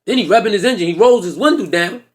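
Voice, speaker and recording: A man's voice: high-pitched, fast talker. A man telling a profane comic story on stage, acting out the people in it. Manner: profane, animated storytelling with acted-out voices. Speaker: stand-up comedian. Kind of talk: stand-up storytelling.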